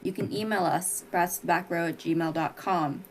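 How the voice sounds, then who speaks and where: A woman podcast co-host closing out the episode, listing the show's handles in a playful, ironic tone. Her voice sits a little low for a woman. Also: normal speed, a little hiss or hum. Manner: playful, ironic sign-off reading out social handles. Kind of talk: casual chat, show outro.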